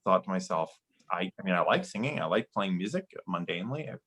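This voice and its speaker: A man's voice: low-pitched, animated, fast talker, fairly bright tone, slightly rough, rough recording. A young man chatting as a podcast guest, rambling with many fillers and restarts. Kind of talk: casual chat.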